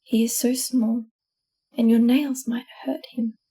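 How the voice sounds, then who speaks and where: A woman's voice: a little high, level tone, takes it slowly, warm tone, breathy edge, exaggerated voice. A woman voicing a nervous, protective mother koala in a storybook reading. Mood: anxious. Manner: frightened and fretful.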